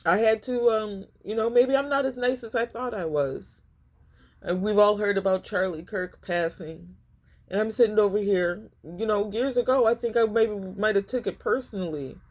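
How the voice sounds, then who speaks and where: A woman's voice: medium pitch, normal speed, darkish tone. A woman giving a casual tarot reading, talking emphatically to her viewers and often repeating herself for effect. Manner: emphatic and repetitive, addressing viewers as y'all. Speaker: tarot reader.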